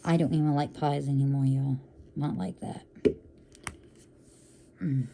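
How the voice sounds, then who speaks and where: A woman with a rumbling low, creaky, mellow voice talks a little slowly and with little pitch movement, over a slight hiss or hum. She chats casually while diamond painting for her vlog, calling viewers y'all and often breaking off to apologize or talk to herself as she works.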